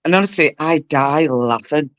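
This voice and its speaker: A woman's voice: low-pitched, normal speed, dry recording. A woman co-hosting a livestream, greeting viewers and swapping swear-laden gossip. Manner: chatty, greets viewers, curses. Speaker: livestream co-host. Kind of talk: casual gossip chat. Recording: dull dry lo-fi stream audio.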